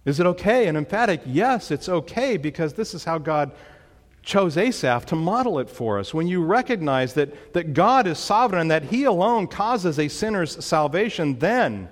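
A man's voice: on the high side, sing-song, moderate pace, long reverb tail. A man preaching a sermon, emphatic, with dramatic rises when he quotes commands. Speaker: pastor.

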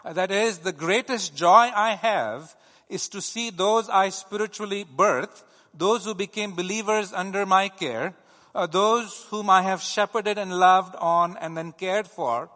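A man preaching in a bright, fairly high voice. He teaches steadily and often pauses on "uh". His voice rings with long reverb. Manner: teaching, steady, with frequent "uh" fillers. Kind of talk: sermon.

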